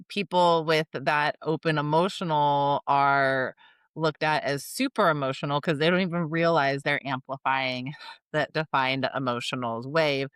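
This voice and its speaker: A woman's voice: low voice, a bit bright, clear, resonant tone, no echo. A woman co-hosting a podcast in casual chat, talking loosely with lots of "like". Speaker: podcast co-host.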